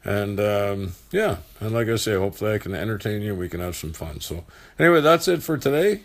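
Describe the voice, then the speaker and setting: A man with a fairly low voice hosts a casual chat. He speaks in a halting, easygoing way, filling gaps with ums and uhs and restarting his sentences often. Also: lively intonation. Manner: halting, filler-heavy, restarts a lot. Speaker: host.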